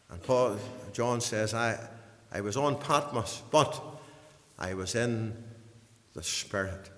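A man preaching a sermon, swinging from hushed passages to loud, high bursts and repeating words as he builds up. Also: slow, pauses often, long reverb tail.

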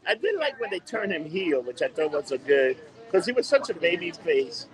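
A man's voice: a little high, sing-song, moderate pace, rough recording. A man in casual podcast chat, blunt and argumentative, saying "dude" often. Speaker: podcast co-host.

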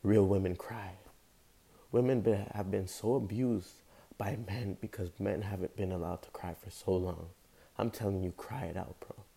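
A man's voice: deep voice, steady tone, normal speed, vocal fry, dark tone, husky. A young man giving an impassioned, rambling motivational monologue as a show host, talking casually with slang. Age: young adult. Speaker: podcast host.

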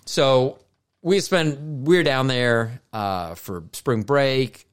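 A man's voice: mid-range voice, extremely slow, clean tone. A man co-hosting a podcast in casual chat, telling stories in a rambling way with many asides and restarts. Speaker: podcast co-host.

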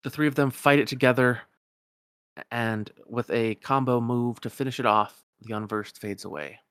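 A man's voice: mid-range voice, normal speed, a bit bright, clean tone, dry recording, studio quality. A man casually retelling a game's story, rambling and correcting himself as he goes.

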